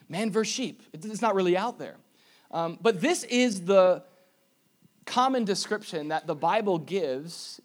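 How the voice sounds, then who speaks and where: A man preaching a sermon in an animated way, with jokey asides and emphatic repetitions. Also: on the high side. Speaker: pastor.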